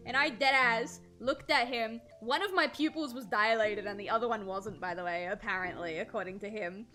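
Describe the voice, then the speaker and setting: A young woman with a bright, slightly high voice chats casually on a livestream while drawing. She rambles, drops slang and swears freely. Faint music plays behind her. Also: moderate pace, few pauses. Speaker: streamer and artist.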